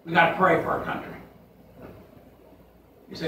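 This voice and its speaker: A man delivers an emphatic, folksy sermon, his voice sitting high and bright. He is picked up from a distance in a church sanctuary with heavy echo and a faint hiss underneath. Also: fairly even intonation, normal speed, gravelly. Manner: folksy, emphatic preaching with scripture quotes. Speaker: pastor. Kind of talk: fiery sermon.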